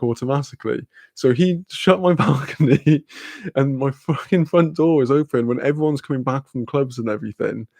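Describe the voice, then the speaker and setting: Young dude rambling a story, swears a lot, laughs a lot, dead dry sound. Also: male voice, medium pitch, vocal fry, darkish tone, no echo. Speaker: channel host. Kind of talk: casual storytelling chat.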